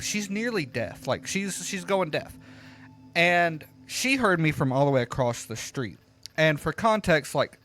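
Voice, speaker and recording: A man casually telling a rambling, profane story while he plays a game, getting loud and heated as he retells it. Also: a little high. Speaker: gaming streamer telling a story. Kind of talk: casual storytelling over gameplay.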